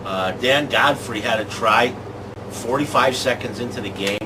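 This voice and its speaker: A man hosting a comic sports show, talking in excitable rants. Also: medium pitch, moderate pace. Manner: excitable, ranting. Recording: distant mic with clear background noise.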